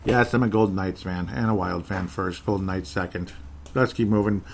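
A man's voice: low voice, fairly even intonation, moderate pace, vocal fry, a little hiss or hum. Man, sports podcast host, casual rambling chat, self-correcting, laughs a lot. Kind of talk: casual live chat reading listener comments.

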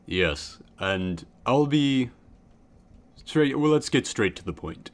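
A man's voice: mid-range voice, animated, slow pace. A man doing a composed, businesslike guild elder. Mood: matter-of-fact.

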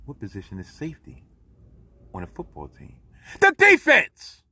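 Animated cursing man, husky dry voice. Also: low-pitched, fairly quick, dry recording. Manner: animated, swears freely, swings loud. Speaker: podcast host. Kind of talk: solo sports commentary podcast.

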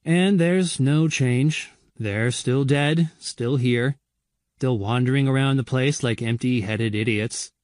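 A man's voice: medium pitch, slow pace, darkish tone, dry recording, studio quality, lightly acted. A man reading a curt, short-tempered survivor. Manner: curt, scolding. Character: gruff grown man, short-tempered, brooding.

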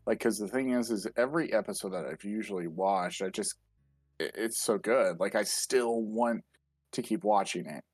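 A low-voiced man chatting casually on a podcast, rambling and circling back on himself with quiet amusement. The sound is dry and close, with faint music underneath. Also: normal speed, breathy edge, no echo. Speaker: podcast co-host. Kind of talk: casual chat.

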